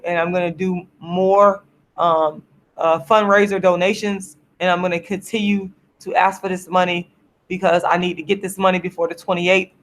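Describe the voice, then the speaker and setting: A tired, sleepy woman with a medium-pitched voice hosts a casual livestream. She speaks to viewers through her camera in an earnest, repetitive, drawn-out way.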